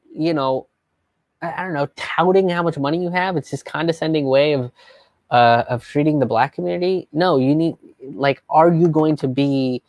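A young man hosting a live stream as a comedian, talking in a casual, animated, profane way and slipping into mocking voices. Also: fairly high pitch, no room sound. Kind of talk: casual livestream commentary.

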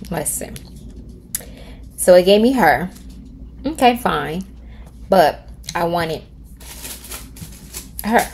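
Speaking in a lowish, gravelly voice with a darkish tone, this tutorial host, a middle-aged woman at home, keeps up a chatty screen-recorded session. She addresses viewers as "y'all" and reasons out loud as she types prompts, over slight background noise.

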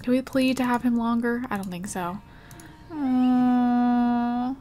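A woman's voice: on the high side, fairly even intonation, slow pace, darkish tone. A young woman giving emotional let's play commentary, gasping and exclaiming as she talks to her viewers.

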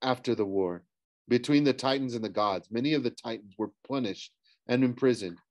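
A man's voice: medium pitch, brisk, a little mellow, dry recording, lightly acted. A man reading the lines of a stern, formal teenage huntress in an audiobook, grim in manner. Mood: grave.

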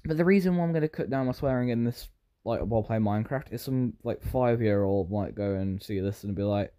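A man's voice: fairly low pitch, fairly quick, dark tone, clean tone. A British man giving rambling, self-interrupting commentary while playing a game. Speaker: gaming YouTuber. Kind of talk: Minecraft gameplay commentary.

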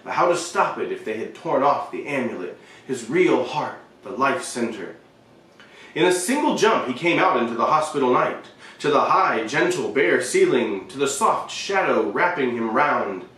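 A man reading a short story aloud, expressive, with shifting emphasis and the occasional slip. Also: mid-range voice, normal speed, recorded from a distance. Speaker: reader. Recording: very echoey room, voice away from the mic.

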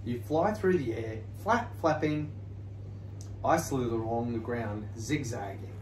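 A man's voice: medium pitch, a little slow, a little mellow, roomy sound, a little hiss or hum, close to an everyday voice. A man voicing a glum, sulky young male snake in a read-aloud children's story. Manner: glum, groaning.

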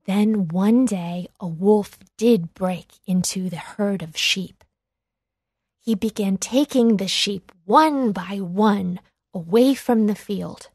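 A woman narrates a children's read-along storybook in a clear, expressive voice. She reads slowly and evenly at a middle pitch. The recording is close and dry. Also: dry recording.

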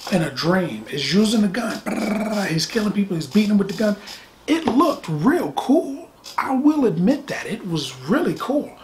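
A middle-aged movie reviewer talking casually and animatedly, with sarcastic asides and phrases repeated for effect. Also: medium pitch.

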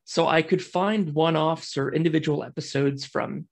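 Chatty American man with a gravelly edge. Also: on the high side, steady tone, moderate pace. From United States. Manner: chatty, self-deprecating, enthusiastic. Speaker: guest speaker, podcast network founder. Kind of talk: casual presentation on a video call. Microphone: video call.

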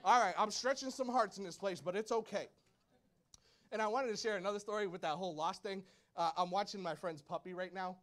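A male pastor in his thirties preaching a sermon to a congregation, telling lively stories and acting out shouts and quotes. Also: sits high, fairly quick. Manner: animated storytelling, acts out shouts and quotes. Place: church hall before a congregation.

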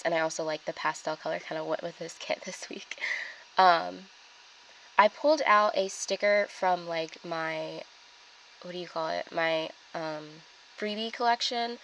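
Chatty young woman, lowish voice. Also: measured pace, a bit bright, muffled recording, a little hiss or hum. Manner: chatty, filler-heavy, with many ums and likes. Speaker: planner vlogger. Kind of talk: casual plan-with-me narration.

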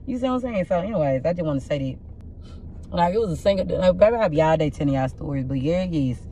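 A young woman with a rough, husky voice, doing a casual tarot reading and telling blunt, profane stories in an animated way. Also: low voice, quick pace, slight background noise. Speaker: tarot reader.

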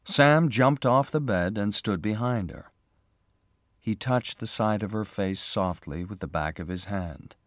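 Male narrator, slow graded-reader storytelling, dry close mic. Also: lowish voice, no echo. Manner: slow, careful, clearly spoken. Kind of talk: scripted storybook narration for learners.

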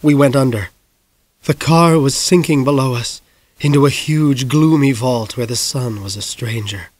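A man narrating a novel as an audiobook in measured, grave storytelling, dropping soft at the darkest moments. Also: mid-range voice, no room sound.

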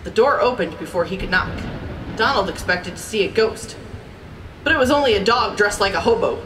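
A woman reading a children's storybook aloud in an expressive, amused manner. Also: mid-range voice, fairly quick. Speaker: storybook reader. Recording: distant mic with background noise.

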